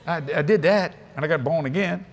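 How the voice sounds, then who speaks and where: A man's voice: on the high side, a little fast, slight background noise. An older man with a Cajun Louisiana accent, preaching to a convention crowd in a folksy, laughing storytelling style that acts out voices. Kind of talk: storytelling sermon. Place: large convention hall.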